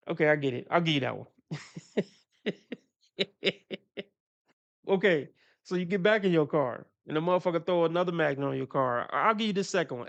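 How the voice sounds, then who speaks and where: A man streams his reactions in a relaxed, profane ramble full of chuckles. His voice sits a bit high for a man and carries a gravelly fry. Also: fast, long pauses, dull audio. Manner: loose, profane, laughs often, talks through his opinions. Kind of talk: casual reaction commentary.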